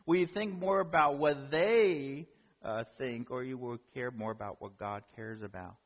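Husky preacher in an echoing hall. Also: male voice, mid-range voice, measured pace. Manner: animated storytelling with rhetorical questions. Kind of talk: sermon. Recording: long hall reverb.

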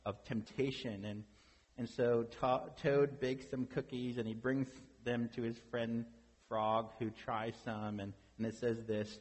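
Husky-voiced pastor preaching in a reverberant hall. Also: male voice, mid-range voice, little pitch movement, measured pace. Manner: conversational, asks rhetorical questions. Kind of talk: sermon.

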